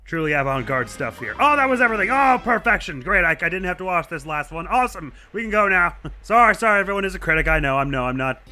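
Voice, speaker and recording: A man's voice: fairly high pitch, expressive, quick pace, hardly any pauses, bright, forceful tone, faint music behind. A young man talking through a video game in casual commentary, chatty and self-deprecating, laughing often at himself. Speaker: let's play host.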